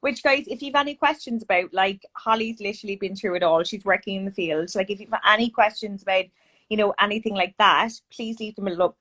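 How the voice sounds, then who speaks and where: A woman's voice: mid-range voice, a bit bright. Chatty Irish woman interviewer. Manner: chatty, many fillers. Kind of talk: casual live interview chat.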